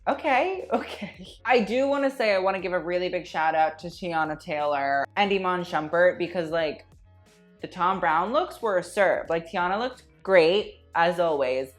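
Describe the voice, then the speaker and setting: A woman's voice: lowish voice, expressive, moderate pace. A woman giving sarcastic, profane, gossipy commentary on a red carpet, with faint music behind her. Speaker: fashion commentator. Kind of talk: casual commentary.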